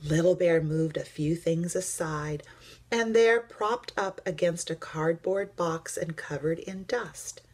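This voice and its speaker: A woman, a teacher, reading a children's picture book aloud, gentle and slipping into soft whispers. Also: on the low side, takes it slowly.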